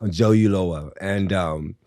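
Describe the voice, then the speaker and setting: A middle-aged man with a bass-baritone voice, a guest chatting in a sassy, campy, animated way. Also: measured pace, no echo, studio quality. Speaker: guest, drag performer and singer. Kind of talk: casual podcast chat.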